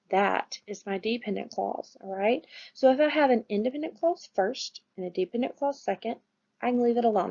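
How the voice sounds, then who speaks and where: A woman teaches a grammar lesson in a patient, steady way, pausing often to check that her listeners follow. Her voice sits a little high and carries a gravelly fry. The recording is dull and lo-fi. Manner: patient, checks in with "right?" and "all right?".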